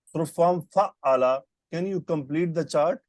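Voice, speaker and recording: A man with a slightly high voice and a slightly slow pace gives an online Arabic grammar lesson through a computer mic on a video call. The sound is dry and clean, like a studio, as he patiently tests his student with brief questions.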